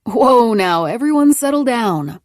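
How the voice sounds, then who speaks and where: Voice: mid-range voice, animated, a little slow, no echo, clean studio sound, pitched above the performer's own voice, close to an everyday voice. A woman voicing a young police officer who speaks in a placating, authoritative way in an audiobook. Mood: firm.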